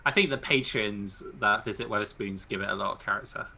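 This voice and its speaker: A man's voice: on the low side, brisk, gravelly, bright, forceful tone, slight background noise. A man co-hosting a live English lesson, joking around casually and laughing a lot. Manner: joking, laughs often, lots of fillers. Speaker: co-host. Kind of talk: casual chat.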